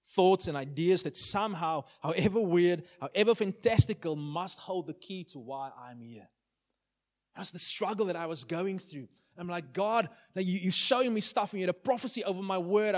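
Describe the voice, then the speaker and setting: Man preaching with dramatic swings. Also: on the high side. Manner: dramatic storytelling, swinging from loud to hushed. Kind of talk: sermon.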